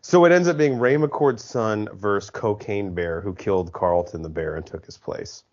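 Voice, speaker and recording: Low-voiced man riffing on a podcast. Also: moderate pace, highs cut off. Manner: riffing, laughing, profane. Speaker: podcast co-host. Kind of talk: casual movie commentary chat.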